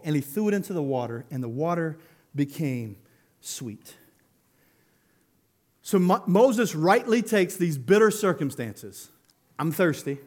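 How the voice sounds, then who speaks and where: A man preaching a sermon as pastor, animated, laughing and acting out quotes as he goes. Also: fairly high pitch.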